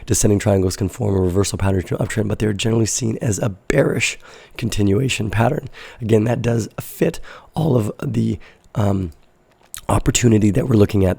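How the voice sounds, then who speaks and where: Hoarse low-voiced man with a gravelly rasp. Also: dark tone, dry recording. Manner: loose, rambling explanation with self-corrections. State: hoarse with a stuffy nose. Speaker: crypto trading show host. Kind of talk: casual live market analysis.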